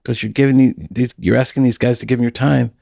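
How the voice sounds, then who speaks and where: A man's voice: mid-range voice, fairly even intonation, a little fast, gravelly, warm tone, no echo, clean studio sound. A middle-aged man hosting a podcast, telling stories in a folksy, casual way and laughing often. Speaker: podcast host.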